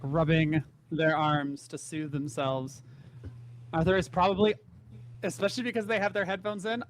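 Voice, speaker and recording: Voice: medium pitch, a little hiss or hum. A player with a male-range voice in a tabletop game, talking hesitantly with laughs and many fillers.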